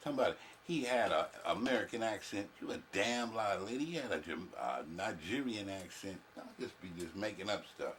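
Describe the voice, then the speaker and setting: A man's voice: on the low side, animated, fairly quick, hardly any pauses. Brief: male reaction host, crude and joking, faint hiss behind. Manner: loud, joking, crude, talks back at the clip. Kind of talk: profane casual commentary over a clip.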